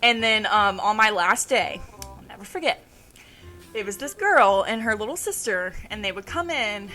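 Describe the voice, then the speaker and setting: A young woman co-hosting a podcast, telling retail stories in a lively casual way and swearing freely. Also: medium pitch, moderate pace, faint music behind. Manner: animated storytelling, swears freely. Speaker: podcast co-host. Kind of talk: casual chat.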